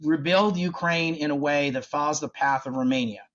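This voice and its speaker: A man's voice: a little high, normal speed, a bit bright. Emphatic man on dull lo-fi audio. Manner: emphatic, conversational, acts out quoted voices. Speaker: think-tank guest. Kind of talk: animated policy interview.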